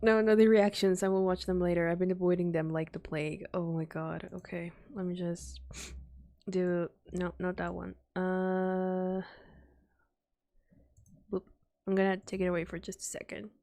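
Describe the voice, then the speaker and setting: A woman's voice: on the low side, level tone, moderate pace, dark tone. A woman streamer reacting live and talking to her chat, gushing with emotional exclamations.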